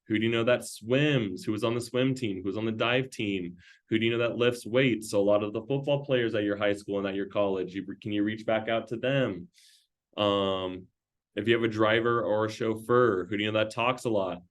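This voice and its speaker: A man's voice: lowish voice, steady tone. A man giving a training talk to a sales team, firing off questions in a loose, conversational way. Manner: rapid-fire string of questions, loose and conversational.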